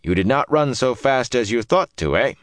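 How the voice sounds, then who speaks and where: A man's voice: mid-range voice, animated, moderate pace, dry recording, voice pushed up, close to an everyday voice. A man doing a gloating foreign-sounding thug. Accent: strange foreign-sounding speech. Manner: gloating, mocking. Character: menacing male guild thug with a knife.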